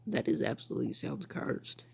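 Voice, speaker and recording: A man's voice: moderate pace, a little mellow, a little hiss or hum. A young man from the United States rambling through casual gameplay commentary, saying "I mean" and "bro" again and again. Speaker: gaming channel host.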